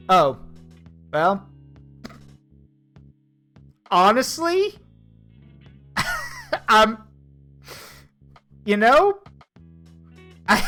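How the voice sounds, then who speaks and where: A streamer reacting out loud while playing a game, with playful, animated commentary full of teasing asides. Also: mid-range voice, extremely slow, long pauses, faint music behind.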